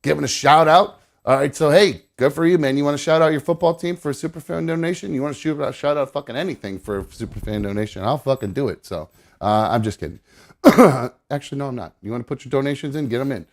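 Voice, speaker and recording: Speaking fast at a medium pitch, the host of a live call-in show rambles through casual chat. He swears a lot and keeps starting sentences over.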